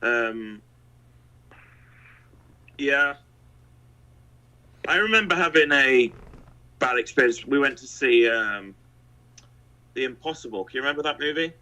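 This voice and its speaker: A man speaks slowly and deliberately, in a bright, tense tone. He talks in a measured way during a casual chat. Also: mid-range voice, lively intonation, poor audio.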